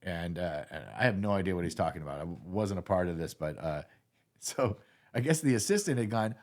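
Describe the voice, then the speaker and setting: A middle-aged man telling road stories in a casual interview, rambling and animated, with lots of filler and swearing. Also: medium pitch, a little fast. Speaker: guitar tech, guest telling stories.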